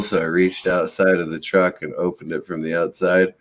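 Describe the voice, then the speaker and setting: Male guest, middle-aged, very deep voice, calm relaxed storyteller. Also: moderate pace. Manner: calm, laughs while telling his story. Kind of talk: casual chat, telling a story.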